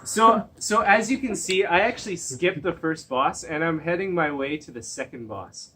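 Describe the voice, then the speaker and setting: A man's voice: on the high side, normal speed, bright, forceful tone. A man commentating his own game as a speedrunner in a comedy video, rambling and hesitant with a mock-serious tone. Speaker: speedrun player.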